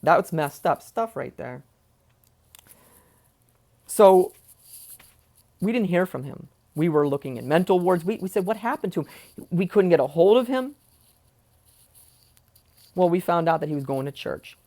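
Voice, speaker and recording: Speaking from his chair at home into a close mic while wearing headphones, this vlogger recounts a family story with agitated indignation, rhetorical questions, stumbling repeats and swearing. He has a fairly high, expressive voice with a dark tone, a measured pace and frequent pauses.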